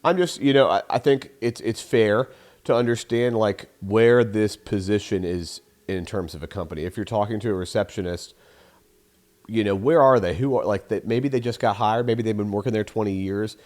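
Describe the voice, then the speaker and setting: Hosting his show at a normal speed, a young sales trainer rambles through casual sales tips, swearing freely and performing phone calls in voices. His voice is lowish with a darkish tone.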